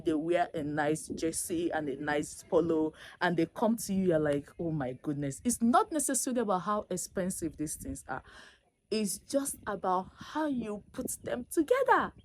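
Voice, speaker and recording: A woman vlogger with a medium-pitched voice gives casual dating advice straight to camera. She's emphatic and teasing, swinging between loud bursts and soft asides.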